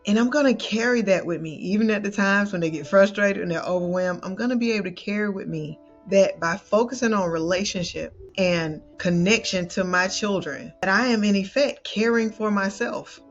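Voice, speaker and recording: A woman parenting coach tells a personal story straight to the camera, lively and expressive in how she shares it. Her voice sits at an ordinary middle pitch. The recording sounds a little dull and muffled. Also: normal speed, hardly any pauses, faint music behind.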